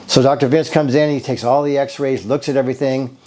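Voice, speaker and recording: Guy telling his patient story, rambly and earnest, warm mellow tone. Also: medium pitch, steady tone, brisk. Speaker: bodywork therapist giving a patient testimonial. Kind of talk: casual spoken testimonial.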